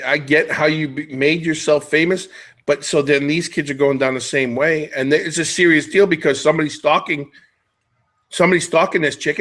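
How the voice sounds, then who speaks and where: A man's voice: a little high, a bit bright. Rambling, joking middle-aged male host. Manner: rambling, jokey, jumps between tangents. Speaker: podcast host. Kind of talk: casual podcast chat.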